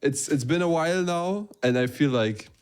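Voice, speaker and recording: A man's voice: fairly high pitch, moderate pace, clear, resonant tone. Casual young man co-hosting a podcast. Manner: relaxed, chatty, with frequent restarts. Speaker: podcast co-host.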